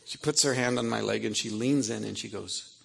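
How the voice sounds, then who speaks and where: A middle-aged man with a gravelly, somewhat husky voice, telling funny family stories to a live audience. He talks in a loose, rambling way and keeps drifting into wry asides that amuse him. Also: mid-range voice, steady tone, a little fast, a bit bright. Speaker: author speaking to an audience. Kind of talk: humorous storytelling talk.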